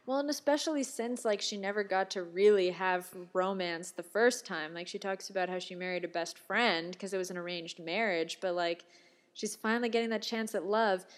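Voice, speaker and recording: A young woman in casual chat, animated and jokey, acting out quoted lines as she talks. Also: mid-range voice, moderate pace.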